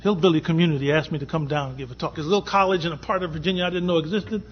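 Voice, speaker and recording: A man's voice: on the high side, fairly even intonation, very fast. A man on a conference panel telling a personal anecdote, acting out the dialogue as he goes. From from Boston. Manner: anecdotal, acts out dialogue in quotes. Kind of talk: storytelling panel talk. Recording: dull lo-fi conference recording.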